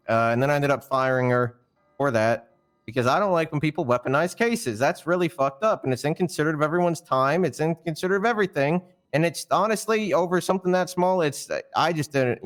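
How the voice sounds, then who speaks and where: A man with a somewhat high-pitched voice vents during a roleplay session. His telling is rambling and full of stammered restarts and casual swearing. He sounds indignant and worked up throughout. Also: fairly quick. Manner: fired-up and indignant. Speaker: roleplayer explaining a firing. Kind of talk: heated storytelling in a roleplay stream.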